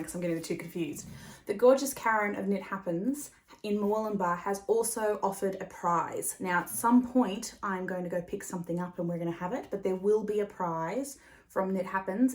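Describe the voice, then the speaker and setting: Chatty woman hosting a knitting podcast. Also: medium pitch. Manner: chatty, rambling, laughs often, swears casually. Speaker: podcast host. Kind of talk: casual chat.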